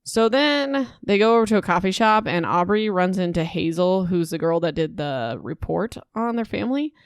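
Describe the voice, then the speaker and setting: A young woman hosting a podcast, recapping a book in a casual, animated, indignant way, with many "like"s. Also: on the low side, normal speed, clear, resonant tone, no echo, clean studio sound. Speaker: podcast host.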